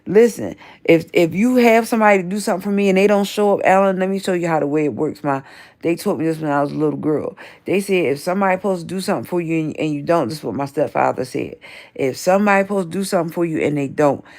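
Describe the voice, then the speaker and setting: Reading through her chat, a livestream host in her 50s fires off a confrontational rant at people she names, repeating herself often. Her voice is lowish and a little mellow, and she talks fast.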